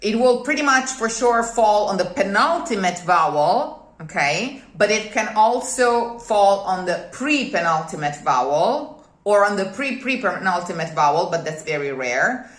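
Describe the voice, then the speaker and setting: A woman's voice: medium pitch, lively intonation, a little slow. Italian lady coaching diction, keeps checking okay?, patient and methodical, roomy echo. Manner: methodical, repeats key points, checks with "okay?". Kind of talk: one-on-one teaching explanation.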